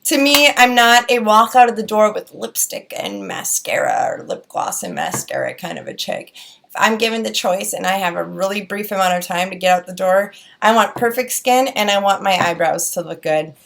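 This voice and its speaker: A woman's voice: medium pitch, animated, normal speed, creaky, fairly bright tone. A young woman with a Wisconsin accent, chatting casually through a beauty product review, rambling with lots of fillers and restarts. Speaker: beauty vlogger.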